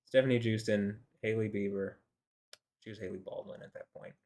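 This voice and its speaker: Brief: indignant man, lowish voice, rambling vlog commentary with lots of fillers. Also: fairly even intonation, fairly quick, a little mellow. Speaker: video host.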